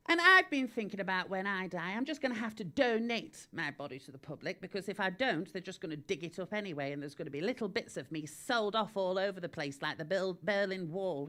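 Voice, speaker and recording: A woman, hosting a live-streamed comedy advice show in a camp, deadpan, self-aggrandising way. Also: fairly low pitch. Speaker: comedy host. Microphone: live-stream camera mic.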